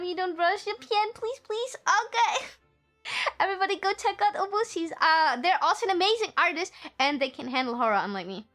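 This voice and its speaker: A woman's voice: sits high, a bit bright. A young woman streaming a game, chatting in a bubbly, giggly way with her viewers. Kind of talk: casual live-stream chat.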